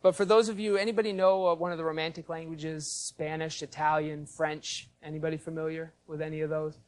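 A man's voice: on the high side, little pitch movement, brisk. A man, a pastor, preaching an expository sermon in a teacherly way, explaining terms and putting questions to the congregation.

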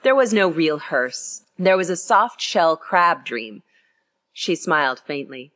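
A woman narrating a classic story in an expressive reading style. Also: deep voice, slow pace. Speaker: audiobook reader.

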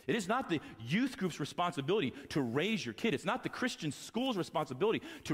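A man's voice: a little high, sing-song, fast, hardly any pauses, slightly rough. Man preaching a sermon in a hall. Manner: impassioned preaching, swings from quiet to loud. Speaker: pastor. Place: church sanctuary.

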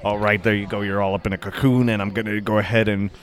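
A man's voice: fairly low pitch, little pitch movement, fast talker. A young man chatting casually while gaming, goofily narrating what he does. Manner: goofy, narrates his in-game actions. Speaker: gamer.

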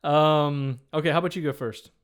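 Chatty man, slightly high voice. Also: fairly even intonation, normal speed, clear, resonant tone. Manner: chatty, laughs often, loose restarts. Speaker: podcast co-host. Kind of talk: casual podcast chat.

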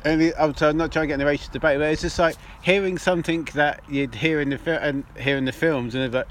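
A man's voice: a little high, fairly even intonation. Sweary rambling man, noisy backdrop. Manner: rambling, sweary, quick to laugh. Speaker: podcast co-host. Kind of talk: casual chat. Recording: noisy background.

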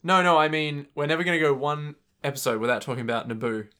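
A man's voice: on the high side, fast, bright, forceful tone, smooth. A man co-hosting a casual podcast, making wry jokes and swearing freely. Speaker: podcast co-host. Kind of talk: casual recap chat.

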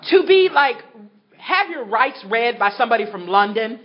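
A woman sharing her story with an audience at a recovery meeting, animated and laughing as she talks. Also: a little high, moderate pace. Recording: dull recording with a crowd behind.

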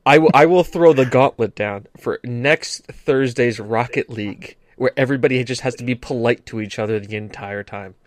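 A man's voice: mid-range voice, moderate pace, hardly any pauses, no echo. A man from America co-hosting a podcast, chatting casually and joking, stumbling over his words at times. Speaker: podcast co-host. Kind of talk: casual chat.

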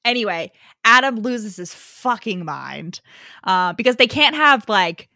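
Chatty frank young woman podcasting, dead dry mic, average pitch. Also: lively intonation, unhurried, bright, forceful tone, dry recording. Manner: chatty, frequent "like" fillers, frank and profane. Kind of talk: casual podcast chat about a book.

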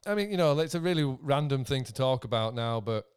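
A man's voice: medium pitch, fast, clean tone. A man, a touring band member, animatedly telling stage stories in casual chat. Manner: animated storyteller, repeats himself.

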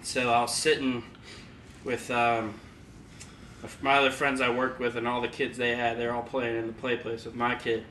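A man's voice: mid-range voice, completely flat delivery, normal speed, sharp tone. A man casually telling a funny story, laughing often and acting out the quotes. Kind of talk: casual chat. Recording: echoey room, distant mic, background noise.

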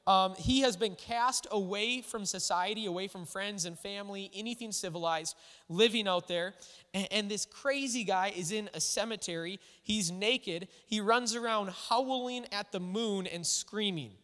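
A man preaching a sermon in a casual, animated way, full of asides to his listeners. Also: high voice, moderate pace. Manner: conversational, animated, full of "like" and "all right". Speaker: pastor. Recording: echoey hall.

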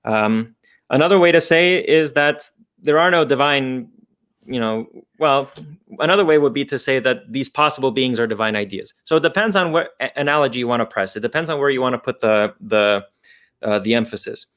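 A man's voice: medium pitch, a little fast, fairly bright tone. A man explaining philosophical ideas off the cuff as a guest, thinking aloud with frequent restarts and fillers.

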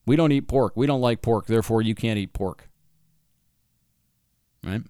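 A man's voice: medium pitch, normal speed, warm tone, clear, resonant tone, dry recording, studio quality. A man delivering an opinionated monologue, reading passages aloud from a book and breaking in with sarcastic asides and laughs.

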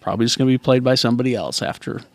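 A man's voice: mid-range voice, rapid-fire. A man hosting a casual podcast chat, reading out news with frequent fillers and restarts. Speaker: podcast host.

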